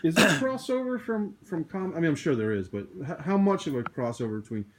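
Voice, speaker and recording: A man hosting a casual podcast interview, relaxed, with short encouraging replies. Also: a little high, fast, slight background noise.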